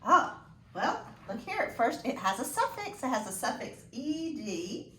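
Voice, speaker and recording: A woman teaching a phonics lesson to children, slow and encouraging with sing-song praise. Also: sits high, big pitch swings, sharp tone, slight background noise. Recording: echoey room, voice from a distance.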